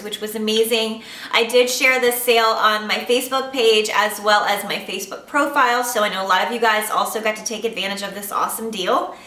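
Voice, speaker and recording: A woman's voice: fairly high pitch, sharp tone, roomy sound, recorded from a distance, slight background noise. A woman vlogger chatting casually to camera about her shopping haul, upbeat and gushing. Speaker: beauty vlogger.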